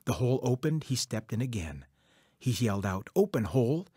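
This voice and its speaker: A man telling a traditional folk tale in a rhythmic, repetitive, measured way. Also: mid-range voice, expressive, mellow, slightly rough, no room sound, studio quality. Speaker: storyteller. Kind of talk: oral folk-tale storytelling.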